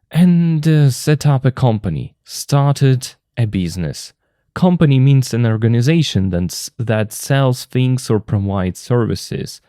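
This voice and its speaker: A man whose first language is Russian, explaining an English textbook lesson slowly and carefully as a teacher. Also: mid-range voice, mellow, no room sound, studio quality.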